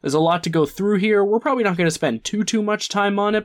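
A man's voice: high-pitched, sing-song, a little fast, few pauses. A young man co-hosting a casual sports podcast, joking and laughing at his own lines. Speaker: podcast co-host.

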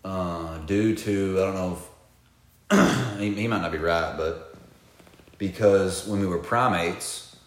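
A low-pitched man chatting loosely and swearing freely as he tells stories. His voice sits fairly deep and bounces around an echoey room. He speaks laid-back and unhurried. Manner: laid-back, profane storytelling with laughing outbursts. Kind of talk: casual chat.

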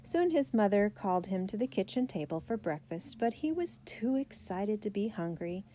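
Mellow woman reading a storybook aloud. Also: medium pitch, big pitch swings, normal speed. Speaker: narrator. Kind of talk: reading a children's biography aloud.

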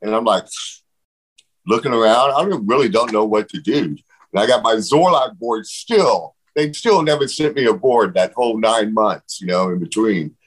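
A man telling stories in a casual interview, animated, swearing freely and acting out what others said. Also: on the low side, moderate pace, poor audio. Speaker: guest.

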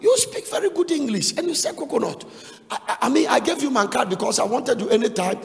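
A man's voice: very high voice, animated, quick pace, creaky, pitched above the performer's own voice, exaggerated voice. A man acting out an eager businessman who is impressed by a young man. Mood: delighted. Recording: long reverb of a large hall.

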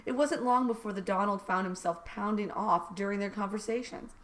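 A woman reading a raunchy satirical story aloud with dry, deadpan delivery. Her pitch sits in a mid range. She banters casually between passages of the comic read-aloud. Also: brisk. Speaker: podcast co-host reading fan fiction aloud.

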